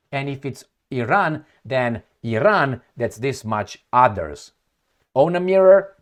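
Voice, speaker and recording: Animated, scornful male commentator. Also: medium pitch. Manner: sarcastic, heated, mocking; searches for words, repeats himself. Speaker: political commentator. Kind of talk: reading news aloud and reacting.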